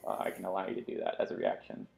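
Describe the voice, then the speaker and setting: A man's voice: very fast, darkish tone, faint music behind, low-quality recording. A man narrating as game master, telling the action loosely with many fillers and asides.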